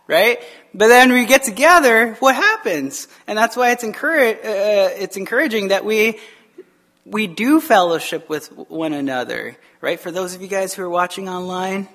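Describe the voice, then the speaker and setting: A male pastor preaching a casual, conversational sermon in church, lively and full of restarts, acting out the voices he quotes. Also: sits high. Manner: casual and chatty, with frequent restarts and laughs. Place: church sanctuary, also streamed online.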